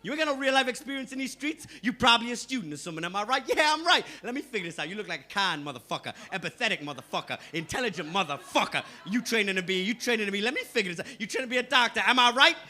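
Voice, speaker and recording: Man doing a cocky loud street hustler. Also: sits high, expressive, rapid-fire, hardly any pauses, heavily acted. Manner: swaggering, street slang, rhetorical "am I right?". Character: brash street mixtape seller, adult man, cocky.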